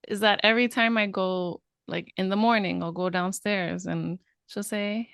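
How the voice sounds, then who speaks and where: Co-host, woman, smooth clear voice, candid and chatty, dry mic. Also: mid-range voice, steady tone, measured pace, hardly any pauses, fairly bright tone, dry recording. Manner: candid, laughs often, chatty storytelling. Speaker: podcast co-host. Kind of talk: casual parenting podcast chat.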